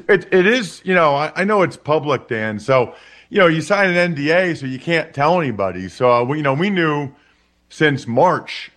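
A man's voice: on the high side, fairly bright tone. A man in his forties from Pennsylvania, a former football player telling rambling anecdotes in a casual interview, often restarting and repeating words. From Wyomissing, Pennsylvania, USA. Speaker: guest, former NFL player.

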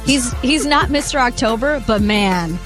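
A woman gives the sports update on a talk show with a smooth, brisk delivery. Her voice sits high. Faint music plays underneath. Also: animated.

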